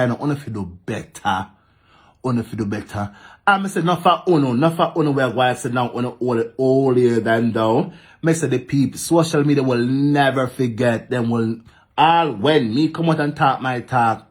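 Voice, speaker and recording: A Jamaican-accented man with a mid-range voice, sounding off to camera in thick patois. He is animated and repetitive, firing back at his commenters. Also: mid-range voice. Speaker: social media vlogger. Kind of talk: casual ranting monologue to camera.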